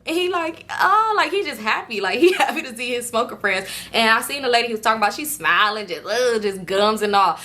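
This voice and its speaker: A woman telling a wild personal story to her viewers, animated, slangy and full of profanity. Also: on the high side, quick pace, hardly any pauses. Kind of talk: casual storytime.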